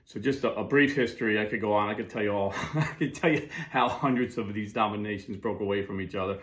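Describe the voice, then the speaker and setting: Chatty middle-aged Catholic commentator, low-ish voice, casual monologue with fillers. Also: male voice. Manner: chatty, with fillers and frequent asides.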